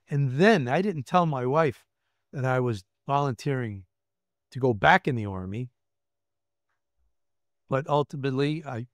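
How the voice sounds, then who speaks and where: A man's voice: medium pitch, no echo, studio quality. A man in his seventies with a New York accent, a retired federal agent telling his story in a candid interview, emphatic and repeating words. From Brooklyn, New York. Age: 70s. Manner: emphatic, acts out quoted voices, repeats words.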